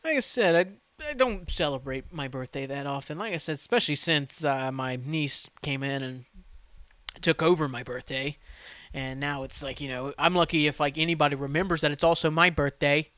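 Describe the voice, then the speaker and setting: A man in his thirties hosting a solo podcast, ranting casually with heavy swearing and animated asides. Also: fairly high pitch, normal speed, no room sound. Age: 30s. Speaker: podcast host.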